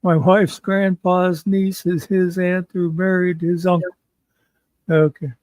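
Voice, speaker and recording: A man speaking very slowly in a relaxed chat, his voice sitting a little high. He stops often on hesitant fillers, and the sound is dry and close with no room around it. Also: no echo. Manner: slow, drawn-out, with hesitant fillers. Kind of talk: casual chat.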